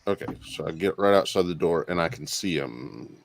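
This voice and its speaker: Deep, gravelly player, dry sound. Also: male voice, lively intonation, normal speed, no echo. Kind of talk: casual tabletop play.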